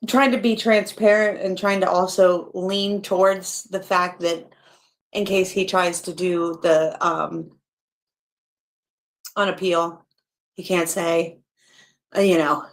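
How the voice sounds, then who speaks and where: A woman's voice: medium pitch, level tone, takes it slowly, pauses often. Chatty woman commenting live. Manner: chatty, wry, thinking aloud with laughs and asides.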